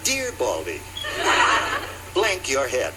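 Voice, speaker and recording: A man hosting a TV game show, teasing contestants with a jokey, drawn-out delivery. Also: mid-range voice, huge pitch swings, very noisy. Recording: old TV broadcast with loud music.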